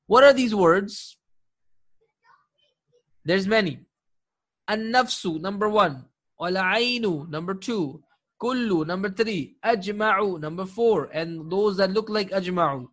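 A high-pitched, slightly bright male voice leads a classroom lecture on Arabic grammar. The terms are explained in English, and he quizzes his students over and over with "right?" and "correct?" He also recites Quranic verses quickly in Arabic.

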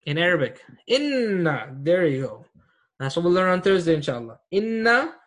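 Teaching an online grammar class, a high-voiced man talks fairly quickly. He is patient, repeats the key terms, and keeps checking that his students are following along.

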